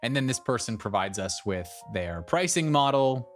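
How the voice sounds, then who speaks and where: A man reads online posts aloud and adds chatty, amused commentary between them. His pitch rises and falls animatedly at a mid level. A soft music bed plays behind him. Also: moderate pace. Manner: lively, conversational, amused asides. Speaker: narrator of reader stories.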